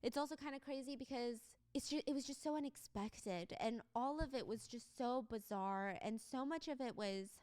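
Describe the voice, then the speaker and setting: A woman's voice: a little high, normal speed, hardly any pauses, no room sound. A woman streamer on a live broadcast who tells a story with animation and reads out quotes along the way. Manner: animated retelling, reading out quotes.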